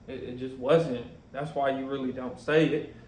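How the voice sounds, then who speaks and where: A man reacting to a video clip in casual commentary, talking in animated bursts and ending lines with "bro". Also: medium pitch, normal speed. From Los Angeles area. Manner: animated, laughing, repeats "bro". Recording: roomy echo.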